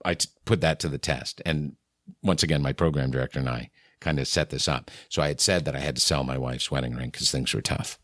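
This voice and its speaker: A man's voice: extremely low pitch, fairly even intonation, fairly quick, a bit bright, no echo, studio quality. A middle-aged man from New England, a radio morning host, telling candid anecdotes in a conversation and acting out the exchanges he quotes. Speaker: radio morning show host, podcast guest.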